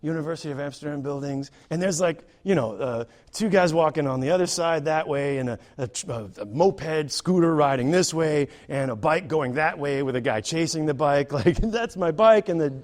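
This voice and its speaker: A male stand-up comedian telling a story on a theater stage, animated and acting out the people in it. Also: fairly high pitch, normal speed, hardly any pauses. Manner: animated, acts out characters.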